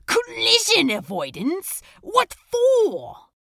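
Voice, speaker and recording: A woman's voice: high-pitched, wildly swooping pitch, drawn-out words, vocal fry, bright, forceful tone, no echo, studio quality, heavily acted. A woman playing an exasperated male demon. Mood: incredulous. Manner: exasperated, sighing, emphatic. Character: irritable male demon, sardonic and brash. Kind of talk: fan audio drama acting.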